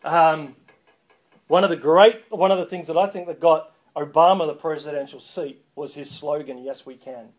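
A man preaching a sermon as a pastor, lively and joking, calling on the congregation to respond. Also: fairly high pitch, moderate pace.

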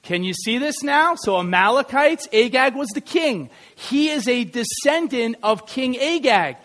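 A man with a strikingly high voice delivers a Sunday sermon in a church. He is lively and jokes with the congregation as he goes. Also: measured pace. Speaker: pastor. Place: church sanctuary.

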